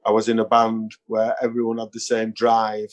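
A man spins stories from his band days in a relaxed interview. He chuckles as he goes and slips into the voices of the people he quotes. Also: on the low side, normal speed, lo-fi sound. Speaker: musician guest. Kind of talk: casual storytelling interview.

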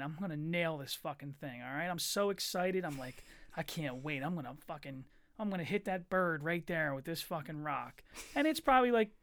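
A man's voice: a little high, dry recording. A young man hosting a casual podcast, telling stories animatedly and swearing freely. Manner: profane, animated storyteller. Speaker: podcast host. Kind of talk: casual chat. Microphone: studio microphone.

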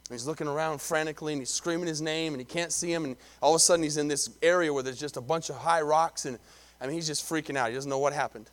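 A man's voice: a little high, quick pace. A middle-aged man, a pastor delivering a sermon in a conversational way, often repeating himself and calling for amens.

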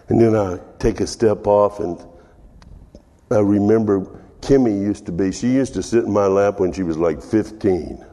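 A man's voice: fairly low pitch, moderate pace, mellow, in a large hall, a little hiss or hum. An older man preaching as a pastor, laughing often and dropping to a whisper in prayer. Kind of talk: sermon.

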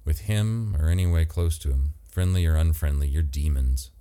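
A man's voice: very deep voice, moderate pace, warm tone. A man voicing a short, feisty, loyal woman who speaks firmly and protectively.

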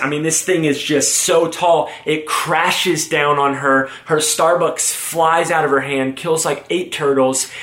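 Energetic young preacher in an echoey room. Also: male voice, medium pitch. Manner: energetic, joking, animated storytelling. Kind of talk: sermon with storytelling. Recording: roomy echo.

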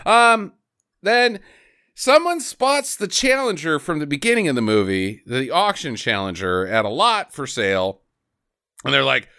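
A man's voice: a little high, lively intonation, moderate pace, sharp tone, clean tone, dry recording, clean studio sound. A man hosting a casual movie podcast, recapping the plot with lots of laughs and acted-out quotes. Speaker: podcast host. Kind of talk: casual movie-review chat.

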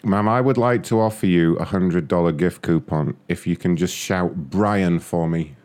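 This young man places prank calls and comments casually, laughing often and speaking crudely with a mocking edge. His low voice is a little mellow, and he talks at a moderate pace.

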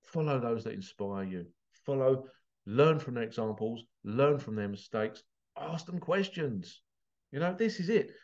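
A passionate man talks straight to his viewers about jealousy and pushing forward, swearing freely and choking up with emotion. His voice sits at an ordinary middle pitch, and the recording sounds a little muffled. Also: expressive, unhurried, darkish tone. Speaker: motivational vlogger. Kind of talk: emotional motivational monologue.

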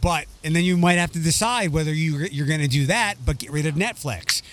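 A man's voice: a little high, brisk, slight background noise. A young man co-hosting a casual podcast chat, rambling and restarting as he talks. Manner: rambling, animated, restarts often. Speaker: podcast co-host.

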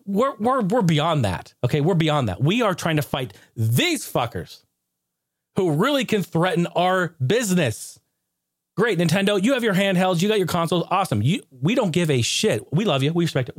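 A man's voice: sits high, no room sound, studio quality, pitched above the performer's own voice. A man doing a chirpy, brash gaming boss. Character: upbeat male gaming executive, brash and dismissive.

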